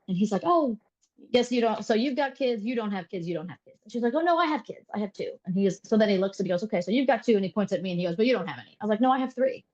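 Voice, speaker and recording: A woman in her thirties telling stories in a casual interview, animated and laughing, full of fillers. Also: mid-range voice, lo-fi sound. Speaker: interview guest. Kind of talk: casual chat.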